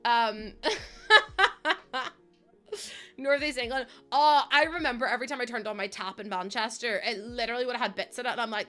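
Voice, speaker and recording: Bright Northern Irish woman, chatty streamer. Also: a little high, normal speed, long pauses, soft background music. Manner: chatty, laughs often, answers chat comments. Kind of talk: casual chat with live stream viewers. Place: home streaming setup.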